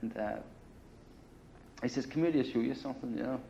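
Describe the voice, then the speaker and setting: A man's voice: medium pitch, a little fast, creaky, warm tone, slight background noise. A man casually telling a long war story in a grungy apartment, rambling and profane, with lots of "you know" and "right.". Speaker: interviewee telling war stories. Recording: dull lo-fi 1980 film audio.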